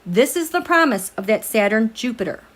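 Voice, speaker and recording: Chatty high-voiced woman hosting a livestream. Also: moderate pace. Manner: chatty, animated, laughs often, reads viewer comments aloud. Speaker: tarot livestream host. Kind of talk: casual livestream chat with viewers. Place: home, at night.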